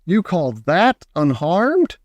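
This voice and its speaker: A frantic, wailing mother with shrill, high cries, put on by a man reading aloud. The recording is dry and close. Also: expressive, normal speed, clean tone, dry recording. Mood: aghast. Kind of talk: audiobook character voice.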